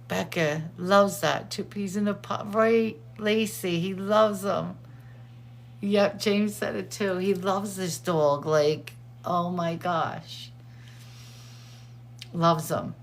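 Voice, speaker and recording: A middle-aged woman hosting a show, chatting casually and excitedly, laughing often. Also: fairly low pitch, takes it slowly, vocal fry. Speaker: host. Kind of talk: casual chat.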